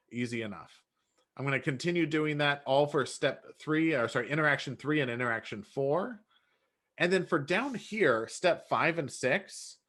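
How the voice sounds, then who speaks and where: A man explaining step by step how to build a workflow in software, relaxed and often correcting himself. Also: mid-range voice. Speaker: software trainer. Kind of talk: screen-share software tutorial.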